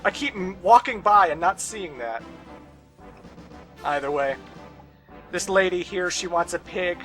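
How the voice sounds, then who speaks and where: Young male let's player, high and bright, ranty and sarcastic. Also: expressive, a little slow, pauses often, faint music behind. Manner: sarcastic, ranting asides, swears. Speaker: let's play host. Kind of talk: casual game commentary.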